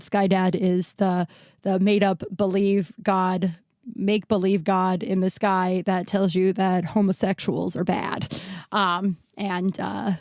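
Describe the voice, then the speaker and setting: A woman's voice: medium pitch, darkish tone, no room sound. Casting note: candid woman in her thirties, still unwell and short of breath, chatty solo podcast with a dry, close sound. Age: 30s. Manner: rambling, frank, with many likes and restarts. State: recovering from illness, short of breath. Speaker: podcast host. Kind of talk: casual solo podcast monologue. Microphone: new podcast mic.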